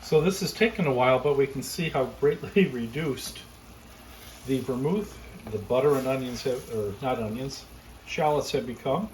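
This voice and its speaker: A man hosting a casual cooking demonstration, explaining each step in a relaxed, chatty way from his home kitchen. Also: mid-range voice, moderate pace, a little hiss or hum, low-quality recording. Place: backyard garden, then home kitchen.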